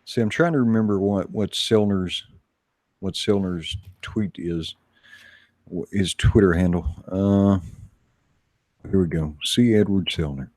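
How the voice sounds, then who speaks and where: A low-voiced man with a husky edge talks in a loose, rambling way, poking fun at himself as he hosts a casual online chat. The sound is dry and close to the mic. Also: a little slow, pauses often, darkish tone, no echo. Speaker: host.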